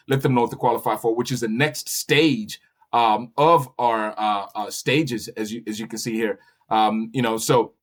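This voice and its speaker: A man walking through his business software on a screen share, talking in an animated, salesy way with frequent "okay?" check-ins and restarts. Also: a little high, husky. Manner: restarts and repeats words often. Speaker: broker trainer and business owner.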